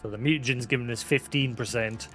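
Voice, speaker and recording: A man's voice: mid-range voice, fairly even intonation, fast talker, a bit bright, soft background music. A man streaming a video game, chatting casually and explaining as he plays, with many fillers. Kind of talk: casual gameplay commentary.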